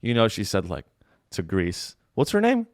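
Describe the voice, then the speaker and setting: A man's voice: on the low side, wildly swooping pitch, moderate pace, no echo, studio quality. A man hosting a podcast, in crude, joking casual chat that rambles and trails off into fillers. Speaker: podcast host.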